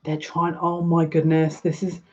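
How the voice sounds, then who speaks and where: A woman giving a live card reading as a psychic, gushing and excitable, easily overwhelmed with emotion. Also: sits low, normal speed, muffled recording, a little hiss or hum.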